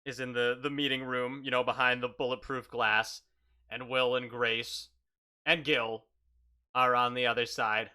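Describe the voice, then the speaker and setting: A man's voice: medium pitch, measured pace, clean tone. A man narrating an improvised tabletop game as game master, laughing often as he tells the scene. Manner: lively, laughing storyteller.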